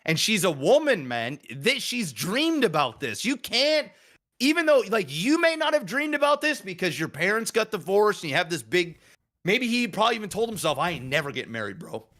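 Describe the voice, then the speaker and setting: A man in casual podcast chat, his voice pitched high and swinging widely as he talks. He is animated and profane, acting out his reactions as he goes, with a bright, sharp tone. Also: normal speed. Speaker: podcast co-host.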